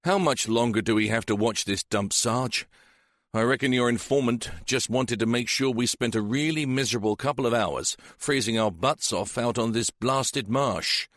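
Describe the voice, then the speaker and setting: A man's voice: medium pitch, moderate pace, fairly bright tone, no echo, clean studio sound, close to an everyday voice. A man voicing a wary young detective constable, blunt and sardonic.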